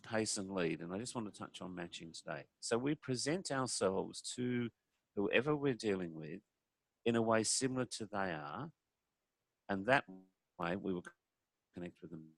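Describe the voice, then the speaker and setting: Low gravelly man giving a talk. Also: no room sound. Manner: conversational, demonstrates voices while explaining. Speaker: speaker on communication. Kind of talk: presentation talk.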